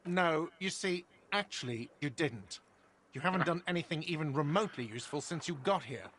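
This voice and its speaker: Grumpy defensive game manager guy, lively up and down voice. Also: fairly high pitch, fairly quick. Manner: touchy, sarcastic, easily offended. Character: irritable, defensive male cafeteria manager.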